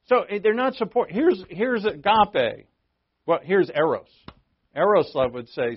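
A man preaches in a church, his voice sitting a little high for a man. He keeps his delivery animated and playful, jumping up and down in pitch to land his jokes. The recording is dull and lo-fi. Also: measured pace, breathy edge. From New England. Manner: animated and joking, with big pitch swings. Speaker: pastor. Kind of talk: sermon.

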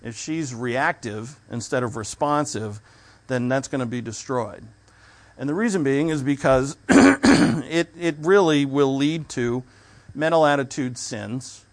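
Male preacher, mid-pitch, talks easily and restarts his sentences. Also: animated, unhurried. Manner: conversational preaching with restarts and asides. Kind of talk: sermon.

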